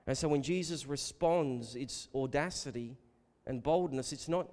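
A man preaching a sermon, emphatic and rhetorical, calling his listeners beloved and building to loud repeated questions. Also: medium pitch, unhurried, few pauses. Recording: long reverb of a large hall.

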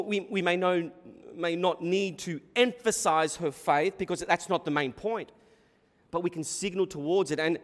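High-voiced animated male preacher. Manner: animated, dramatic storytelling. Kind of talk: sermon. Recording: echoey hall reverb.

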